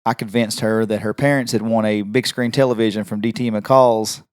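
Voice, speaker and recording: A man's voice: lowish voice, steady tone, fairly quick, smooth, no room sound, studio quality. A man, co-hosting a podcast and telling rambling stories in casual chat. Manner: rambling, with many restarts and fillers. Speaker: podcast co-host.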